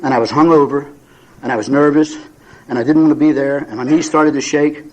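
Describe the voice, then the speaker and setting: This fairly high, steady voice belongs to a man in his seventies talking briskly on a low-quality recording. He shares humorous personal stories at a recovery meeting, folksy and self-deprecating, often using fillers and starting over.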